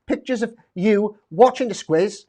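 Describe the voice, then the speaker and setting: A man's voice: high voice, unhurried, mellow. A man hosting a live online quiz stream, chatting casually and rambling with lots of fillers and restarts. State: slightly out of breath. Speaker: quiz show host. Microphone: desk mic at a computer.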